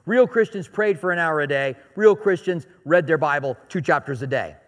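A man's voice: a little high, lively intonation, normal speed, in a large hall. A man preaching a sermon as pastor, talking in a conversational, joking way and hammering points home by repeating them. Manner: conversational and joking, with emphatic repetition.

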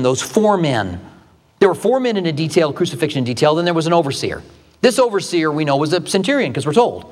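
Male pastor, dramatic sermon storytelling, slightly high voice, long hall reverb. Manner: dramatic retelling with acted quotes, shifting pitch widely.

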